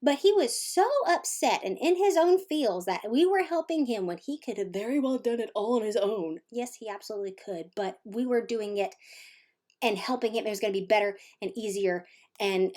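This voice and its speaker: A woman vlogger telling a personal story in a casual, animated and playful way, acting out the voices in it. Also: medium pitch, moderate pace. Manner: animated, playful, acts out quotes.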